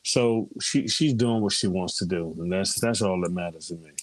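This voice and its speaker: A middle-aged man chats casually in a group, telling stories and often quoting what others said. His voice is low-pitched, his pace moderate, and there's no echo.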